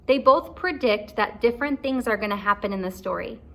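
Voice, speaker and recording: A woman teacher reading a chapter book aloud to kindergarten children, pausing to ask encouraging questions. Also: mid-range voice. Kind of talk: read-aloud for young children.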